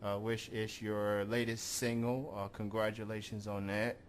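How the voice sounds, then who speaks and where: A man hosting an internet radio show, interviewing a caller in a relaxed, halting way with many fillers. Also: lowish voice, a little hiss or hum. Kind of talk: casual call-in interview.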